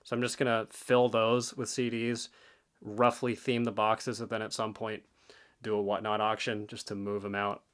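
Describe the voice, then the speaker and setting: A man's voice: fairly low pitch, little pitch movement, normal speed, a bit bright, clear, resonant tone. A man talking casually to the camera as a reselling vlogger, offhand and rambling, a bit out of breath. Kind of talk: casual vlog talk.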